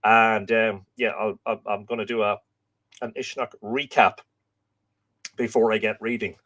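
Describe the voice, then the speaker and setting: A man's voice: on the low side, flat delivery, unhurried, fairly bright tone. Chatty Irish man reading out viewer comments. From Ireland. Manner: chatty and musing, with filler words. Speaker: host. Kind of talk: live stream chat, reading viewer comments.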